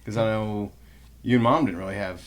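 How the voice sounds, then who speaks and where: A man with a fairly low voice hosts a relaxed podcast conversation. He is chatty, quick to agree and keeps the talk moving. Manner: chatty, agreeing, playful mimicry. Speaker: podcast host. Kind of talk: casual chat.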